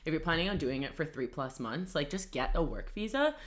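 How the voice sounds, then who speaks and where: A woman's voice: deep voice, lively intonation, a little fast. A woman co-hosting a podcast, chatting casually and filling her talk with "like". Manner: chatty, many "like" fillers. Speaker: podcast co-host. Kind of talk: casual chat.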